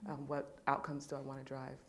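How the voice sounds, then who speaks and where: Panel speaker, woman, low register, heartfelt and emotional storytelling. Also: completely flat delivery, brisk, vocal fry. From California.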